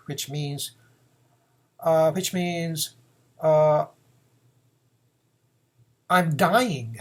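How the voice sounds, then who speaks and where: A man's voice: fairly high pitch, drawn-out words, pauses often. A man, teaching phrases in a casual lesson, repeating words and acting out example lines. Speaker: Japanese teacher.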